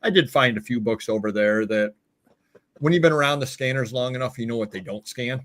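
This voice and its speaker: A male host of a live online chat show tells long, meandering stories. He pauses often with filler words, and his voice sits at a plain middle pitch. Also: fairly bright tone. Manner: rambling anecdotes with filler words.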